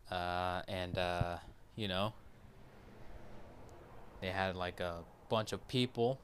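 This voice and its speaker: A man's voice: fairly low pitch, a bit bright, a little hiss or hum. A man hosting a podcast in a casual monologue, rambling with many fillers, casual swearing and repeated checks of "right?". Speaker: podcast host.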